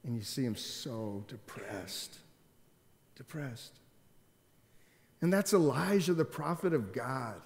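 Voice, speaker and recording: Pastor preaching in an echoey hall. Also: male voice, mid-range voice, lively intonation, slow pace, vocal fry, long pauses. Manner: storytelling, swings from loud emphatic to quiet and subdued. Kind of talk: sermon. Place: church. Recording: long hall reverb.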